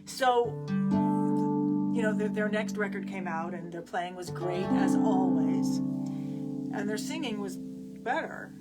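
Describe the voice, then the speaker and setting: A woman's voice: on the low side, a little mellow. A woman musician chatting to the camera, telling a story with lots of fillers and restarts.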